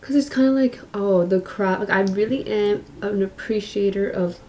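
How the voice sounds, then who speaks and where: Soft-spoken chatty young woman. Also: mid-range voice, normal speed, slight background noise. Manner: soft-spoken and mumbly, chatty with many fillers. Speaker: makeup vlogger. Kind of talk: casual chat while doing makeup.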